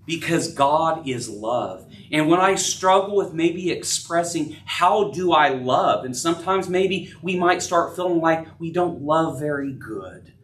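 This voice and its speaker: A middle-aged man preaching a sermon as pastor, earnest, rising and dropping in pitch and loudness. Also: animated, measured pace, few pauses. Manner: earnest preaching, rises and drops in pitch and volume. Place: church sanctuary. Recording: echoey room, voice from a distance.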